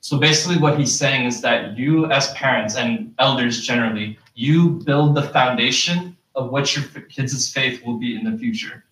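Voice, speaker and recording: A young man delivers a sermon in a plain mid-pitched voice, earnest and patient, stopping often to ask the listeners questions. He sounds set back from the mic. His words ring through a large, echoing prayer hall. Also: moderate pace, hardly any pauses, fairly bright tone. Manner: earnest, explains step by step with rhetorical questions. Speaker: Friday sermon speaker. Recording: echoey hall, distant mic.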